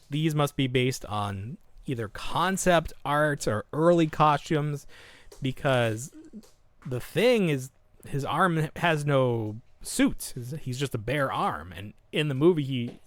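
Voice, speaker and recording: A man's voice: mid-range voice, animated, slow pace. A man co-hosting a podcast in casual chat, rambling through half-finished thoughts with lots of fillers. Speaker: podcast co-host.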